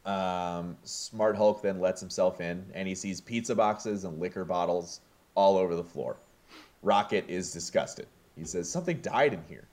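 A man's voice: low-pitched, steady tone, a little slow, darkish tone. A man casually recapping a film to friends, reading the script with hesitant fillers.

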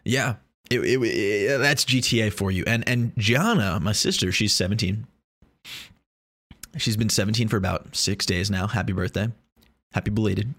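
A man's voice: fairly low pitch, moderate pace, fairly bright tone, no room sound. A young man talking in a casual, rambling monologue, joking and swearing freely.

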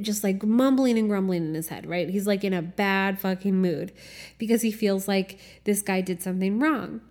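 Reflecting out loud on her solo podcast, a woman speaks at a moderate pace in a mid-range, darkish-toned voice. Her manner is relaxed and frank, full of fillers, laughter, and swearing.

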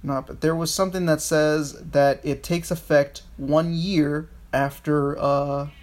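A man's voice: a little high, steady tone, slow. A man co-hosting a podcast, chatting casually about history, rambling with frequent restarts and swearing. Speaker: podcast co-host.

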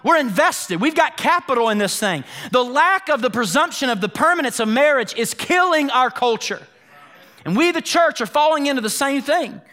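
A man in his thirties preaching a sermon as pastor, emphatic, swinging between loud urgent lines and hushed ones. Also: very high-pitched, expressive, moderate pace.

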